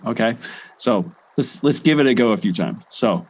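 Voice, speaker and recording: A young adult man guiding a laughter meditation session in a relaxed way, with many fillers and restarts. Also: medium pitch, moderate pace. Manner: chanting rhythmic ho ho ha ha. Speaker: meditation guide.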